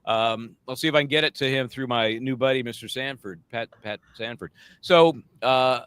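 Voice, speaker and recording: A male co-host of a casual court-trial chat speaks at medium pitch and normal speed, with a clean tone and no echo. As a legal commentator he's wry and talkative, performing quotes from others in animated voices.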